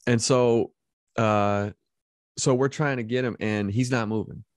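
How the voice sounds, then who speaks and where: A male podcast host telling a story in casual chat, animated and laughing often, restarting his sentences as he goes. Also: medium pitch, measured pace, dry recording.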